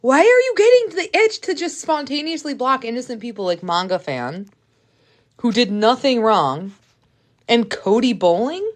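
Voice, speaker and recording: A woman's voice: fairly high pitch, very animated, moderate pace. A woman live-streaming from her kitchen, chatting casually with viewers and playfully scolding them as she cooks. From Canada. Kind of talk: casual live-stream chat while cooking.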